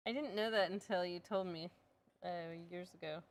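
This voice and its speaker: A woman co-hosting a painting tutorial, chatty and quick to laugh. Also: fairly low pitch, dry recording. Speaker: co-host. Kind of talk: casual chat during a painting tutorial.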